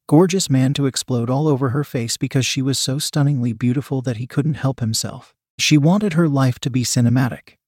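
A man narrating adult fiction in an even, matter-of-fact reading. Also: medium pitch, breathy edge, dry recording, studio quality.

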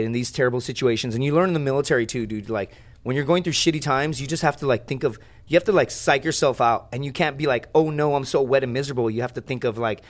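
A young man telling a story as a podcast guest, in rambling, profane casual chat with lots of animated asides. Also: mid-range voice.

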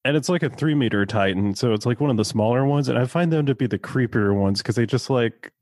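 A man's voice: mid-range voice, fast, darkish tone, dry recording. A man co-hosting a podcast, easygoing, chiming in with short agreements and comments. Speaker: podcast co-host. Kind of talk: casual chat about a manga.

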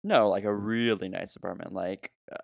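A man with a low, gravelly voice talks through a film in relaxed, laughing chat. He swears freely and keeps the talk loose. The sound is close and dry, with no room around him. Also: moderate pace, no room sound. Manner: laughs often, swears casually. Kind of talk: casual movie-review chat.

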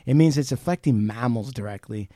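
A man co-hosting a podcast, retelling a conversation in casual, animated chat, swearing freely and restarting sentences. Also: mid-range voice, brisk, no room sound, clean studio sound. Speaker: podcast co-host.

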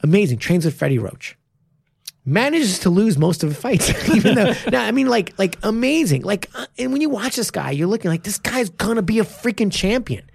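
High-pitched with vocal fry and a breathy edge, his voice comes through a dry recording. He coaches martial arts and co-hosts a podcast, keeping the chat casual and animated, cursing freely and erupting in quick spurts of excitement.

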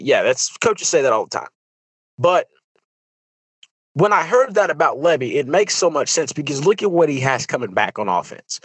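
A man's voice: mid-range voice, lively intonation, a little fast, husky, no room sound, rough recording. A young man hosting a sports podcast, rambling through casual football talk with lots of fillers and restarts. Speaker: podcast host. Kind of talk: casual sports commentary monologue.

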